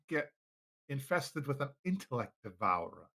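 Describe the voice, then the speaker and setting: Bright-toned man running a tabletop game. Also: fairly high pitch, very animated, moderate pace. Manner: easygoing, many fillers. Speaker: game master. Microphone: video call.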